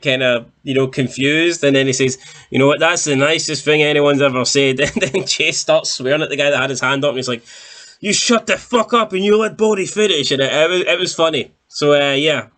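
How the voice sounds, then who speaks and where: A man's voice: mid-range voice, a bit bright. Rambling man recapping wrestling. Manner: rambling, many fillers and restarts; swears casually. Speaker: wrestling show reviewer. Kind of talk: casual recap monologue.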